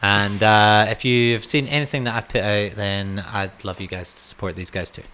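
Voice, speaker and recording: A laid-back Scottish man chatting as a podcast guest, joking at his own expense. His voice sits fairly low but sounds bright and forceful. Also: steady tone, moderate pace, slight background noise. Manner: laid-back, self-mocking, laughs often. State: sweating. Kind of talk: casual chat.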